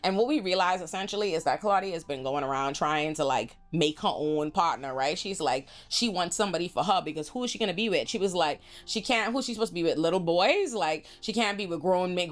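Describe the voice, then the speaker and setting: A woman hosting a casual TV episode recap, telling it in an animated, slangy, profane way. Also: fairly low pitch, brisk, few pauses, soft background music. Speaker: host.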